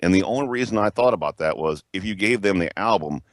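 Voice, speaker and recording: A man's voice: low-pitched, expressive, quick pace, no echo, studio quality. A man co-hosting a casual rock podcast, rambling with many restarts and self-corrections. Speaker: podcast co-host.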